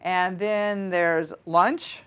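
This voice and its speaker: Woman in her forties, low voice, chatty guest with lots of "you know"s. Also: steady tone, very slow, clean tone. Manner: chatty, many fillers and restarts. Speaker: school foundation volunteer guest. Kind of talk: casual interview on local cable TV.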